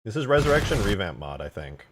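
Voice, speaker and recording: A man live-streaming, chatting casually and excitedly with his viewers while eating and reacting to videos. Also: fairly low pitch, fast talker, background noise. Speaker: livestreamer reacting to game mod videos.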